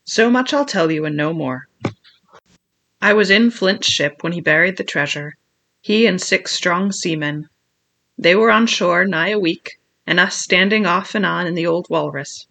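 A jumpy, shrewd old castaway sailor drawling his seafaring talk slowly, as an audiobook reader puts him on. The voice sits a little higher than the reader's own and rings bright and clear. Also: full character voice. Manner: old seafaring dialect, slow and pleading. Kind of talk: audiobook character voice.

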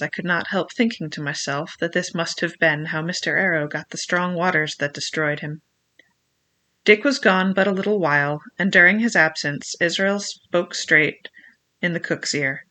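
Bright-toned audiobook narrator. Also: medium pitch. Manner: measured, literary storytelling. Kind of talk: audiobook reading of a classic novel.

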